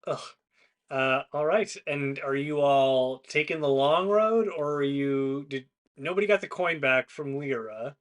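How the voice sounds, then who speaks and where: A man narrating and hosting a tabletop game stream as game master, relaxed and full of fillers. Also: medium pitch, measured pace. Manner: relaxed, hesitant with many fillers.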